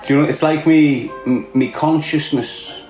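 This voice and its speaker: A man's voice: a little high, fairly even intonation, a little slow. Mocking Scouse man in a roomy echo. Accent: Scouse (Liverpool). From Liverpool area, England. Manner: mocking, streetwise banter, frequent laughter, calls everyone "lad". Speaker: livestream host. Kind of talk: casual livestream rant. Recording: roomy echo with faint music.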